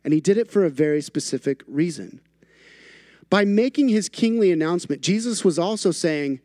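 High-voiced emphatic male preacher. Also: animated, normal speed, mellow, no room sound, studio quality. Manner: emphatic, builds through repeated phrases with playful asides. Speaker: pastor. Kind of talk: sermon.

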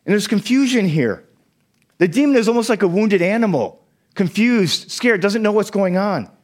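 A man's voice: high-pitched, animated, moderate pace. A man who is a parent, preaching a sermon as pastor and explaining a Bible passage, now and then acting out the quoted lines. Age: young adult to middle-aged, a parent.

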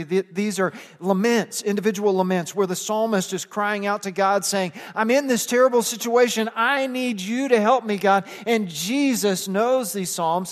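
A man with a notably high voice preaches with earnest conviction, breaking into casual everyday asides. His words ring out with a long reverb, as in a church sanctuary. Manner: earnest preaching, acts out plain-spoken asides. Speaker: pastor. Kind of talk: sermon.

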